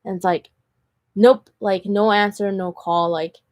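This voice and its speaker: A woman's voice: medium pitch, steady tone, a little slow, no room sound. Chatty woman vlogger, dry sound. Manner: chatty, heavy use of "like" fillers; earnest and candid. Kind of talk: casual storytelling vlog.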